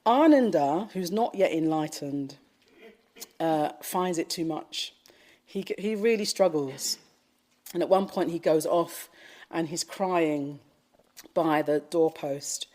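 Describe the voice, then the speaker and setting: A woman giving a Buddhist dharma talk, gently telling a story with frequent fillers. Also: deep voice, slow, long pauses. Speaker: Buddhist teacher. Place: retreat talk at a Buddhist centre.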